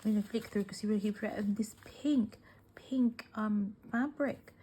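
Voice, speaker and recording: Slow-talking, gushing woman. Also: medium pitch, slight background noise. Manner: gushing, emotional, often dropping to a soft whisper. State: teary. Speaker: craft vlogger. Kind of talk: casual unboxing chat.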